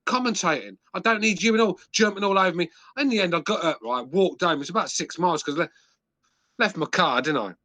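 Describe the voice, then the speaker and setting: A man's voice: sits high, fast talker, bright, forceful tone, no echo. A middle-aged man with an English accent, a podcast host telling rambling crude stories and swearing constantly. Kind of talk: crude casual chat.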